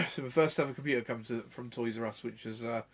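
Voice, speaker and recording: A man's voice: mid-range voice, expressive, a little fast, vocal fry, a bit bright. Rambling, chuckling man in his thirties. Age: 30s. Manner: rambling anecdotes with frequent fillers and chuckles. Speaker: retro gaming channel host. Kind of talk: casual chat.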